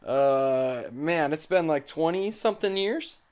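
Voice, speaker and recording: A young man with a slightly raised voice hosts a loose sports podcast. He teases his co-host, laughs easily and keeps the banter animated. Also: a little high, clean tone. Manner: teasing, animated, quick laughs. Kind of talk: casual chat.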